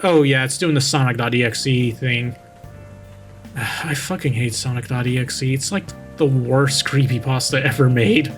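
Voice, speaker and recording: A young male VTuber reads a cheesy horror story aloud at a moderate pace in a medium-pitched voice, constantly breaking off to mock it, swear, and nitpick its grammar. It's sarcastic story-reading commentary over soft music, with poor audio.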